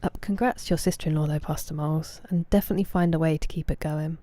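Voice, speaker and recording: A woman, casually chatting with viewers on a game stream, thanking them by name and sometimes dropping to soft murmurs. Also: low voice, steady tone, fast talker, dry recording. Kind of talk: casual livestream chat.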